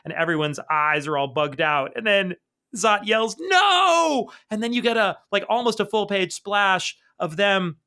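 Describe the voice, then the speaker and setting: Excitable high-voiced male podcast host. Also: moderate pace, clean tone. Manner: excited storyteller, laughs often. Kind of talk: casual comic-book discussion.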